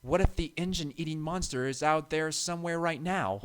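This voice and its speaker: A man voicing a timid little male tank engine with a high, frightened, wailing voice. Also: normal speed, background noise, natural voice. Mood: nervous.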